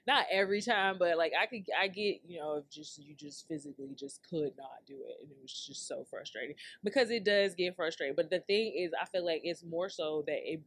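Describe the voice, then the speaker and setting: Laid-back woman ranting on her podcast. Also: low-pitched. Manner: loose, laughing, profane, talks straight to listeners. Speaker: podcast host. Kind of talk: casual solo rant.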